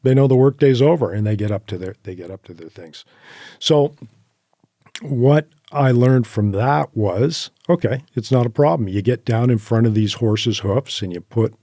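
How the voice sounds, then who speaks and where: A man as a podcast guest, telling animated hunting anecdotes with quoted asides and laughs. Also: mid-range voice, moderate pace, no room sound, studio quality. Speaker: podcast guest, horseback hunter. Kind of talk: casual interview storytelling.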